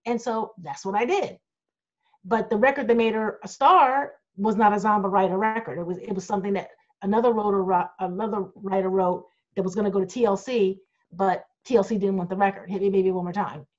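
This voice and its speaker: A woman's voice: medium pitch, steady tone, fairly quick. Blunt, outspoken middle-aged woman on a video call. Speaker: group manager answering fan questions. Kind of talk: candid Q&A chat. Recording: dull lo-fi video call audio.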